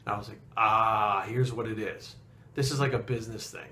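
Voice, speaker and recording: A man's voice: fairly low pitch, steady tone, moderate pace, sharp tone. A man telling a story in casual talk, blunt and profane, getting heated as he goes. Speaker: fitness coach and bodybuilder.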